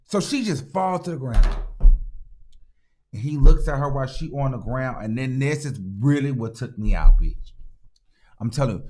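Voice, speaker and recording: A man's voice: fairly high pitch, sing-song, moderate pace. Man dramatically retelling a movie. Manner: dramatic, slangy retelling with sound effects; emphatic, repeats lines for effect. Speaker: movie reviewer and channel host. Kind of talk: casual movie recap.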